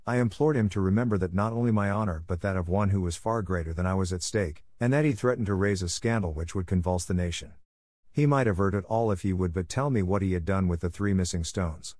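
A low-voiced man reads a first-person detective story in a measured, dramatic manner. He pushes hard on the angry exclamations, and the recording is close and dry. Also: a little mellow, no echo. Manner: measured, dramatic storytelling with emphatic quoted outbursts. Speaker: audiobook narrator. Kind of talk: scripted first-person narration.

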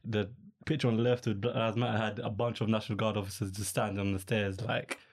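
A young man talks on his podcast in a loose, rambling way, dropping slang and fillers as he goes. His voice sits a little low. It is easygoing, unscripted chat. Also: flat delivery, fast. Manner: rambling, laid-back, peppered with slang and fillers. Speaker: podcast host. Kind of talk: casual chat.

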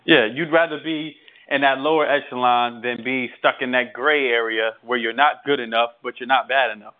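A man in casual sports banter, lively and quick to laugh, his voice at an ordinary middle pitch. He sounds thin and tinny, like he is coming through a phone. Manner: animated, laughs between points. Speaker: podcast co-host.

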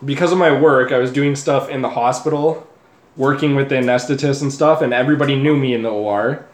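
A man's voice: medium pitch, fairly even intonation, fast. A young man, a podcast co-host, tells a story in casual chat, swearing freely and laughing at himself. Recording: echoey room.

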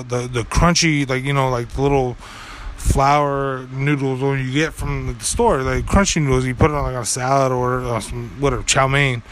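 A man's voice: mid-range voice, fairly bright tone. A young man telling a story in casual chat, rambling and profane with lots of fillers and restarts. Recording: faint background noise.

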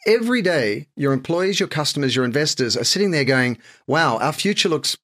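A man's voice: a little high, animated, fairly quick, fairly bright tone. An Australian man in his fifties, a company founder, talking as a guest in a casual interview. He speaks fluently and upbeat, with easygoing slang.

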